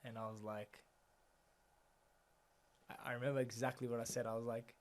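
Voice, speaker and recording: A young man telling a personal story as a guest in a conversation, speaking quietly and reflectively, often letting his voice drop softer. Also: mid-range voice, level tone, moderate pace. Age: young adult.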